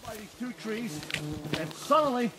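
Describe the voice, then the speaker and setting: A young man from northern Canada telling a story in a casual, animated way, re-enacting his own shouts. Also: extremely high pitch, normal speed, very noisy. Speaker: storyteller giving a tour. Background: music playing under the voice.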